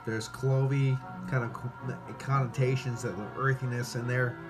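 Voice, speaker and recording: A man tasting and reviewing beer in a casual vlog, excitable and rambling, swearing freely and a bit tipsy after several beers. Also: mid-range voice, normal speed. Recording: music playing clearly behind the voice.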